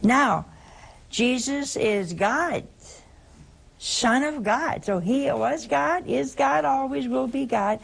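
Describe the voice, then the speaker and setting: An older woman with a gravelly voice explains doctrine to a caller. She moves slowly and repeats her points for emphasis, like a patient radio preacher. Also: high voice. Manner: slow, emphatic, repeats key phrases. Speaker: religious radio host answering callers. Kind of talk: preaching call-in radio answer.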